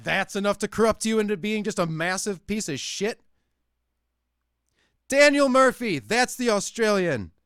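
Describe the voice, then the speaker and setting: A man's voice: mid-range voice, smooth, no echo, clean studio sound. A young man from Wisconsin, ranting and swearing heavily in casual podcast chat. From Wisconsin, United States. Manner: profane, ranting, heavy swearing. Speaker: podcast host.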